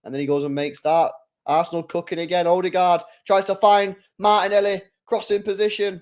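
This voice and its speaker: A man with a high-sitting voice hosts a live football watch-along at a brisk pace, tossing out casual slang, reading the chat, and exploding with excitement whenever the play heats up.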